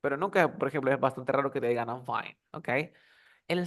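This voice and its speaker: A man teaches English over a video call and slips between both languages as he explains. His voice sits a little high, and he acts out small example dialogues to show each phrase. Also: rapid-fire, a bit bright. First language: Spanish. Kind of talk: online English lesson.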